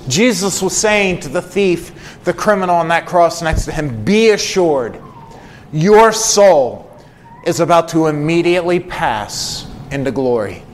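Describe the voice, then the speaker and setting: A man's voice: on the high side, lively intonation, measured pace, a little hiss or hum. A male pastor preaching an earnest sermon, building emphasis through repeated phrases and rhetorical questions.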